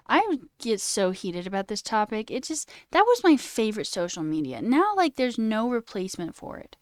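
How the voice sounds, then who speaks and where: A woman's voice: on the high side, normal speed, no room sound, clean studio sound. Chatty young woman ranting on stream. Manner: chatty, animated rants, says "like" a lot, swears. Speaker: coding livestreamer. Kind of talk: casual chat while reading stream chat.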